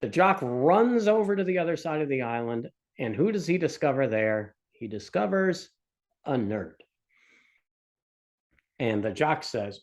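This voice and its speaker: A man's voice: on the high side, sing-song, unhurried. A man teaching economics in a recorded lecture, explaining with a casual, joking storytelling manner. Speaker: economics instructor.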